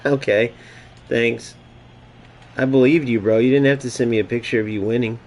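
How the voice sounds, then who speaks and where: A man's voice: medium pitch, fairly even intonation, moderate pace. A young man giving casual, profane running commentary while playing a football video game, trash-talking his opponent. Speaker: gaming streamer. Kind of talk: live gameplay commentary.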